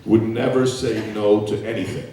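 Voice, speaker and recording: An animated man in his fifties tells a story as a panel guest, acting out the voices of people he quotes. His voice has a slightly low pitch. It comes from far off the mic and echoes around a big hall, with faint noise behind it. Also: moderate pace, a crowd in the background. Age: 50s. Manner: animated, acting out quoted lines, laughing often. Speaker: guest actor. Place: festival event hall.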